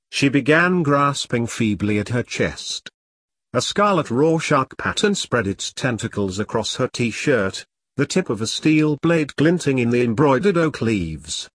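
A man narrating an audiobook with dramatic storytelling. His husky voice moves lively in pitch, recorded close and dry. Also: measured pace, no room sound.

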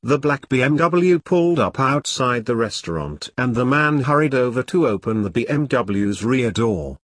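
Husky male audiobook narrator. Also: medium pitch, expressive, normal speed, fairly bright tone, no room sound, clean studio sound.

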